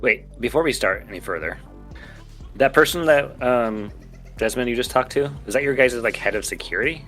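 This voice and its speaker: A man's voice: medium pitch, normal speed, a bit bright. A man playing a tabletop game, asking planning questions in a casual, inquisitive way, over light background music. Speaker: player.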